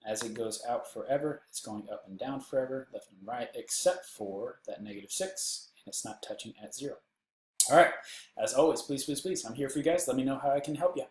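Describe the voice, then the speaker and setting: A man's voice: medium pitch, brisk. Man, Texan accent, math teacher, joking asides, echoey room, faint room hum. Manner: joking asides, playful silly voices. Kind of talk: recorded math lesson. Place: indoors, seated.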